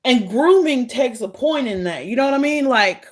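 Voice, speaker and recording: A woman's voice: fairly high pitch, lively intonation, moderate pace. A woman vlogger speaking in a heated, blunt, sarcastic monologue. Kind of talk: casual monologue to camera.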